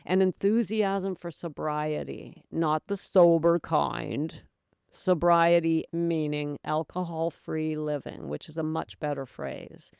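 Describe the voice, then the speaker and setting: A woman's voice: sits low, fairly even intonation, slow, creaky, a little mellow, smooth, no room sound, studio quality. A woman hosting her own sobriety podcast, talking straight to the listener in an earnest, encouraging, folksy way. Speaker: podcast host, sobriety coach. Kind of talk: motivational solo talk.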